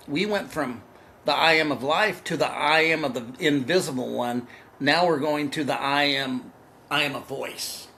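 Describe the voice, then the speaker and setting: Bright, emphatic man teaching from a text. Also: medium pitch, a little hiss or hum, rough recording. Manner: reads passages aloud, then explains them in repetitive, emphatic bursts. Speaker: spiritual teacher.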